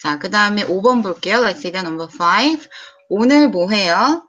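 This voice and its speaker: Korean-accented woman, Korean teacher in a casual lesson, repeats words clearly for the student, mid pitch, slightly muffled audio. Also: animated, fairly bright tone, slight background noise. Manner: mixes English and Korean, models slow clear pronunciation.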